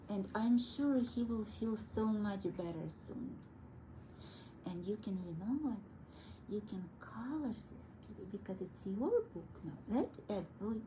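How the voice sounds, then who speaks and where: A woman teaching a young child piano, gently coaxing and encouraging her through each step. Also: a little high, slight background noise, rough recording. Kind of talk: one-on-one children's piano lesson. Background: piano playing.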